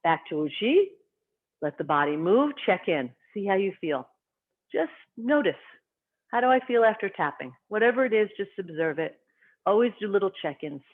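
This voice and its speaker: A qigong teacher leads a class in an even, mid-range voice, giving calm, short spoken cues that follow the rhythm of the breath. The sound is thin and narrow, like a voice heard over a phone line. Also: mid-range voice, normal speed. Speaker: qigong instructor. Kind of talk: guided qigong class instruction.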